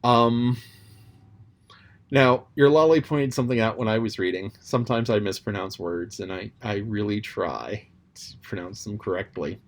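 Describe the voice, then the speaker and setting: A man with a lowish voice offers rambling, casual commentary on a chapter he read aloud. He muses, restarts often, fills gaps with ums, and sometimes playfully quotes in other voices.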